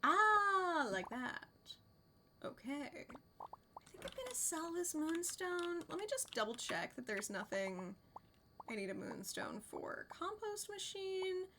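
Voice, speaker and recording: A woman streaming a game, chatting excitedly and sometimes dropping to a soft whisper. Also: very high voice, slow pace, noisy background. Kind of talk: casual live-stream commentary. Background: game music.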